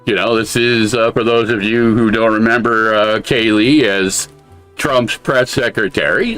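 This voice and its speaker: A man's voice: lowish voice, fairly even intonation, a little slow, fairly bright tone, clean tone, faint music behind. An American man co-hosting a podcast, giving blunt, casual commentary with a lot of swearing. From United States. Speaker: podcast co-host.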